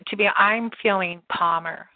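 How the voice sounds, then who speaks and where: A woman guest chatting in a relaxed, agreeable way on an online call. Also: medium pitch, moderate pace, no room sound. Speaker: interview guest. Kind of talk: casual chat, repeating phrases. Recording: tinny phone-like call audio.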